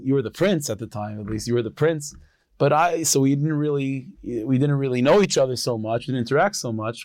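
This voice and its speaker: A man's voice: medium pitch, darkish tone, no room sound, lightly acted. Humble peasant from a folk tale, put on by a male narrator, eager and stumbly, dry close sound. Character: humble, kindly middle-aged male peasant.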